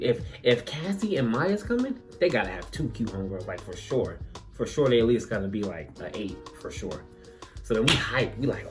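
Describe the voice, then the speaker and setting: Guy telling a story time, slangy aave, jumps up high doing other voices, faint music behind. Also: animated, a little fast. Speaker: storyteller, channel host.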